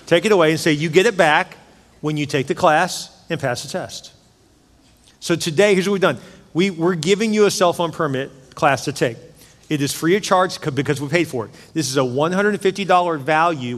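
A middle-aged male pastor preaching in a slightly high voice, emphatic and chatty, slipping jokes in between his points. His voice rings through a large church hall with a long, trailing reverb. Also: a bit bright. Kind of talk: sermon. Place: church sanctuary.

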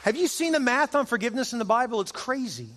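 A man preaching a sermon, retelling stories with lively acted-out voices and direct questions to the congregation. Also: very high-pitched, quick pace, long reverb tail, a faint crowd. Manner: animated storyteller, acts out characters with voices. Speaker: pastor.

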